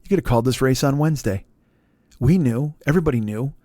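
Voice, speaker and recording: A man in his forties hosting a solo comedy podcast, ranting in a profane, exasperated, animated way. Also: mid-range voice, fast, dry recording, studio quality. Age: 40s.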